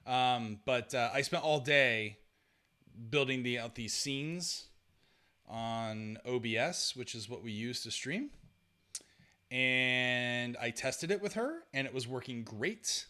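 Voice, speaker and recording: A man's voice: medium pitch, lively intonation, slow pace, sharp tone. A man hosting a live-streamed podcast, chatting casually and sorting out technical trouble aloud. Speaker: podcast host.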